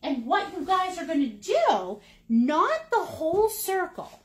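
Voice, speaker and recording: A very high-pitched, very animated voice at a measured pace belongs to a middle-aged painting instructor from Maine, United States. She teaches a live paint-along class, playful and talkative, sprinkling in pet names and silly sound words.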